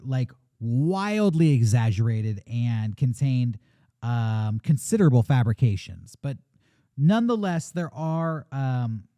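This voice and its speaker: A man hosts a casual podcast, telling a story in a relaxed, joking style full of fillers. His pitch swings widely as he talks, and his tone is mellow and warm. The sound is dry and close, with no room echo. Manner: chatty and jokey, with many fillers. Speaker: podcast host.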